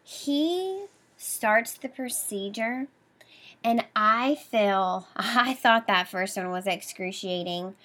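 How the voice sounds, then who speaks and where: A woman's voice: medium pitch, takes it slowly, sharp tone. A young adult woman hosting a podcast, retelling a painful personal story with emotion and quoted dialogue. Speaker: podcast host.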